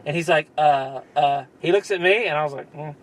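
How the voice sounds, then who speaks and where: A man's voice: a little high, brisk, rough recording. A young man casually telling a story on a podcast, rambling, laughing often and acting out what people said. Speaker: podcast co-host.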